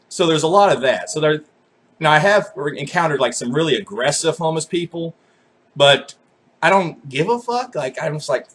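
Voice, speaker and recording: Husky young man ranting with lively swings. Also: on the high side, normal speed. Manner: swearing, animated, self-mocking. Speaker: vlogger. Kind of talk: profane comedic rant to camera.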